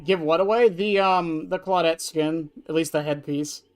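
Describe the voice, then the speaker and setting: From an indoor desk, a game streamer talks loosely and offhandedly with viewers, fielding chat questions and swearing now and then. The mid-range voice sounds smooth and moves at a moderate pace over faint background music.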